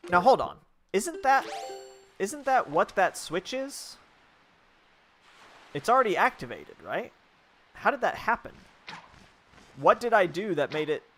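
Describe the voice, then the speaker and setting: A man streaming a video game, chatting casually in a rambling, blunt way and swearing freely. His voice sits fairly high for a man. Faint game music runs underneath. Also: very animated, unhurried, long pauses, a bit bright. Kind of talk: casual gameplay commentary.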